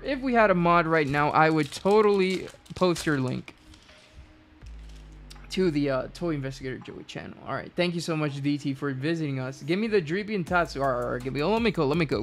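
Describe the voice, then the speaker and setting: A woman hosting a live card-opening stream, excitable and repeating hype phrases in bursts. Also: low voice.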